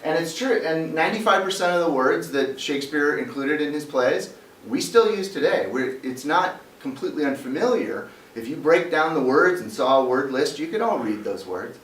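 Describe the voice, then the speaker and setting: This man's voice is slightly high, expressive and fairly bright, at a normal speaking speed. He's a teacher explaining a lesson in stages and firing questions at his students as he goes. The classroom sounds roomy, picked up by a distant mic over a faint hum of noise.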